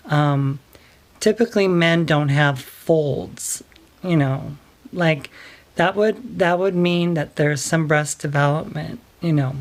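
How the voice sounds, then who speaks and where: A woman speaks slowly and softly, telling a personal story to her vlog audience. Her voice sits fairly low, and she hesitates often, filling her pauses with small fillers. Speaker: vlogger.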